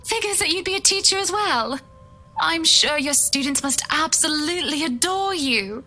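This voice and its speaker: A man's voice: extremely high pitch, animated, normal speed, sharp tone, pitched above the performer's own voice, heavily acted. A man voicing a poised, affectionate young woman with a sweet, genteel manner while reading game dialogue on stream. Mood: gentle, affectionate.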